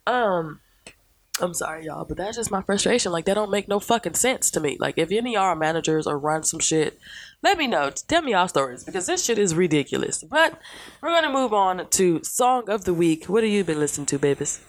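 A woman hosting a casual podcast, telling stories in an animated, profane way and mimicking other people's voices. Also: on the low side, fast talker, no echo. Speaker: podcast host. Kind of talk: casual chat.

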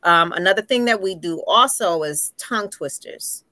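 A woman co-hosting a podcast for actors, patiently explaining vocal warm-ups with many fillers. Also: lowish voice, animated, moderate pace, no room sound. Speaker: podcast co-host.

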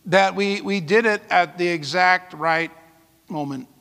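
A male pastor delivers a sermon in a high, bright voice with a gravelly edge. He preaches in a folksy, storytelling way, full of asides. The sound rings out with a long hall reverb. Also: measured pace.

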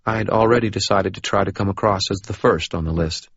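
A man's voice: lowish voice, a little fast, a bit bright, slightly rough, no echo, highs cut off. A man narrating a first-person audiobook with a wry, hard-boiled delivery.

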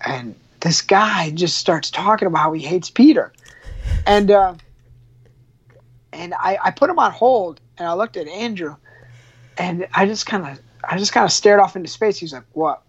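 A man's voice: high voice, lively intonation, normal speed, slightly rough. A man working as a radio show producer, telling a funny story in a loose, chatty way with lots of restarts and laughs. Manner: laughs often, many restarts and fillers. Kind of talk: casual storytelling. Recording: muffled lo-fi sound.

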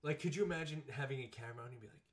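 A young man co-hosting a podcast, talking in a crude, animated, joking way. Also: mid-range voice, rapid-fire. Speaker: podcast co-host. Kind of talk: casual chat.

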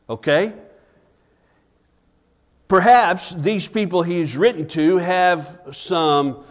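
A man preaching a sermon as pastor at a church service. He preaches earnestly, asks the congregation "Amen?", and drops to a hushed voice when telling stories. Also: a little high.

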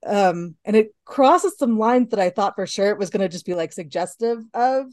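A woman co-hosts a podcast about movies, chatting casually with frequent laughs and fillers. Her mid-range voice is a little mellow, with lively intonation and a moderate pace, recorded in studio quality with no echo.

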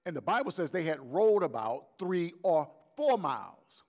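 A man's voice: on the high side, big pitch swings, moderate pace, darkish tone. A man, the pastor, preaching a conversational sermon and acting out the voices of biblical figures.

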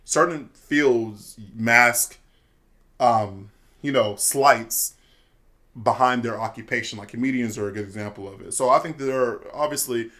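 A man's voice: mid-range voice, measured pace, pushed and bright. A young man in casual chat, telling stories loosely with lots of fillers and restarts. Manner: loose storytelling, lots of fillers and self-interruptions.

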